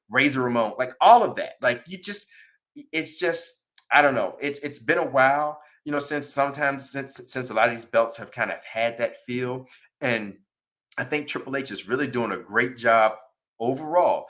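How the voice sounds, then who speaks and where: A man hosting a podcast, chatting casually about wrestling, rambling with many fillers and restarts and rising excitement. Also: medium pitch. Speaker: podcast host.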